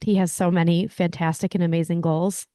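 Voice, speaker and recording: A woman co-hosting a casual hockey podcast, relaxed and chatty as she shares easygoing opinions. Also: fairly low pitch, brisk, dry recording, studio quality. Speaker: co-host.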